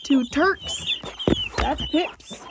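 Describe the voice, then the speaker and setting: A woman's voice: sits high, very slow. A woman narrating her farm chores casually, coaxing and exclaiming at her chickens. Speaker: farm vlogger. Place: outdoor chicken coop. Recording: loud farmyard background noise. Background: clucking hens and chirping chicks.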